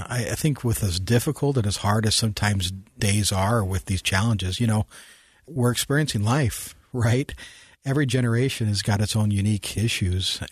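A man with a very deep, slightly husky voice speaks as an interview guest. He talks with earnest, emphatic conviction. The sound is dry and close, with soft music underneath. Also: no echo. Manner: emphatic, heartfelt testimony. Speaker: guest, family history manager.

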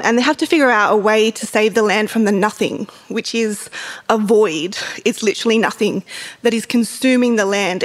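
A woman, an author, chatting casually about books in a giggly way with lots of fillers. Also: mid-range voice. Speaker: author and book vlogger. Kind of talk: casual book chat and reading aloud.

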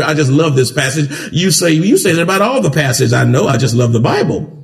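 A man preaching a sermon as pastor in a church, with rising rhythmic emphasis that builds to shouts. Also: a little high, expressive, brisk, gravelly. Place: church sanctuary.

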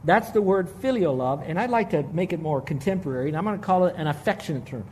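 A middle-aged man preaching a sermon, with emphatic, slow, stressed phrases and frequent restarts. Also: on the high side, lively intonation, darkish tone. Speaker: pastor.

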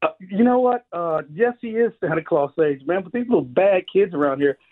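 Picture an animated man of about fifty spinning a funny family story, his voice sitting a bit high. The sound is dry and squeezed thin, like a phone line on the radio. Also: brisk, dry recording. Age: 50s. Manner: animated storyteller, jumps higher for quoted voices. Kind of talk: casual storytelling chat.

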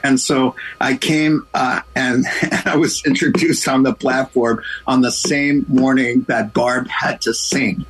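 A middle-aged male pastor telling a story as a guest in a radio interview, animated and playing out the voices of the people in it. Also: medium pitch, unhurried, slightly rough, poor audio.

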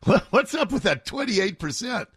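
A man's voice: sits high, sing-song, normal speed, fairly bright tone, breathy edge, no echo, clean studio sound. A man hosting a talk radio show, delivering an opinionated, mocking monologue and laughing often.

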